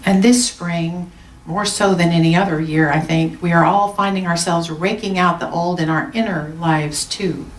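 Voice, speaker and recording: A woman minister giving a gentle, reflective Sunday sermon with slow, soft pauses. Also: fairly low pitch, steady tone. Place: church sanctuary. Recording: roomy sound, mic at a distance.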